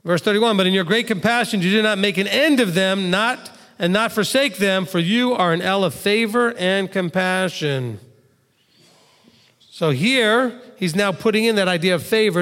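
A man teaching through scripture in a sermon with a notably high-pitched voice. He talks in a conversational way and turns often to speak straight to his listeners. The sound rings with the long reverb of a large hall. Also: a bit bright. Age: adult father of two. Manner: conversational, addresses listeners directly with asides. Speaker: pastor.

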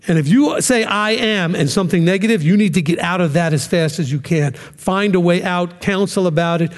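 A man with a high-pitched voice gives a conversational sermon-style lesson to a ministry class. He keeps checking in with the listeners and acts out the voices he quotes. The sound carries a long reverb, like a large hall.

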